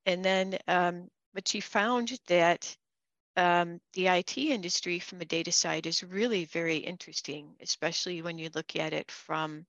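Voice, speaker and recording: A woman's voice: on the low side, fairly even intonation, normal speed, a bit bright, no echo, lo-fi sound. A woman hosting a podcast, talking casually and chattily, laughing and restarting her sentences. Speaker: podcast host. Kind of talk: casual interview chat.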